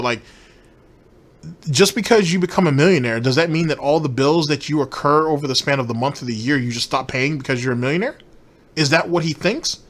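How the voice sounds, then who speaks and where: A man's voice: a little high, a bit bright. A man hosting a commentary channel, ranting in a rambling, sarcastic and profane way.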